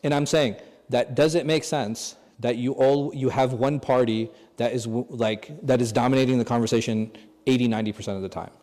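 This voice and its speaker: Teaching a conversational religious lesson, an imam fires rhetorical questions at his audience. His mid-range voice is mellow and steady, a little fast, and a long reverb from the large mosque hall follows his words.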